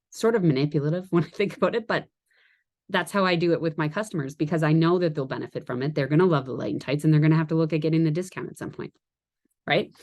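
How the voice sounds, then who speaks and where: A woman giving a casual training talk to her sales team, chatty and quick to laugh at her own jokes and wander into asides. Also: low-pitched.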